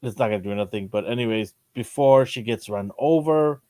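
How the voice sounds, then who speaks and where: A man in casual chat, retelling scenes with lively acted-out quotes. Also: brisk, no room sound. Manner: animated storyteller, acts out lines with jumps in pitch. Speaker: podcast co-host. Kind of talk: casual chat recapping a TV episode.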